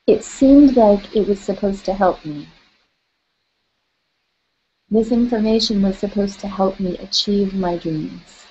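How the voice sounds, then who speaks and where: Leading listeners through tapping, a woman calls out each point and softly coaches them through affirmations. She speaks slowly in a husky, mid-range voice with long pauses, and the recording has its highs cut off.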